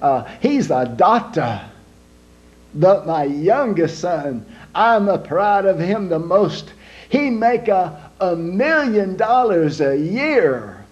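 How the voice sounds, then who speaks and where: A man voicing a boastful older Italian father in broken English, with a put-on Italian accent and a halting, stammering delivery. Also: high voice, very animated, pitched above the performer's own voice, exaggerated voice. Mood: proud, bragging. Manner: halting, stammering, slow drawl. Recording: dull lo-fi home recording with faint hum.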